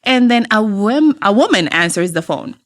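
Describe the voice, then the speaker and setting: A woman's voice: mid-range voice, normal speed. A woman with an accent, a mother and guest, telling her story casually and acting out the dialogue with laughs. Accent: non-native English accent. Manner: animated, acts out quoted dialogue with laughs.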